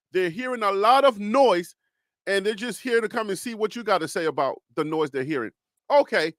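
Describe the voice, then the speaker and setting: A high-pitched man hosts a live sports talk show in clean, studio-quality sound with no room echo. His cadence is calm, reassuring and preacher-like, and he often repeats and restarts phrases.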